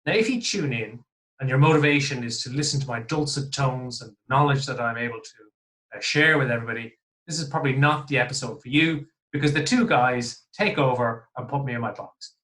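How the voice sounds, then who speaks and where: An Irish man hosts his podcast in a jovial, chatty way, poking fun at himself as he goes. His voice is bright and forward, pitched in the middle. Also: fairly quick. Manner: jovial, chatty, self-deprecating. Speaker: podcast host. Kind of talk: casual podcast chat.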